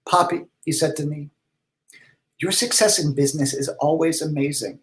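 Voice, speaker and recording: A man voicing an eccentric, pompous, flamboyant letter writer in a high, theatrical voice with drawn-out words, reading letters aloud for comedy. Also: close to an everyday voice, poor audio. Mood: grandiose.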